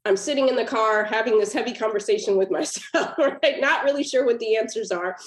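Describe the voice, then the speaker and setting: A woman's voice: fairly high pitch, brisk, slight background noise. Earnest woman storyteller in a roomy echo. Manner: earnest and emotional, with laughs breaking into the telling. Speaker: guest author. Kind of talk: personal storytelling in a podcast interview.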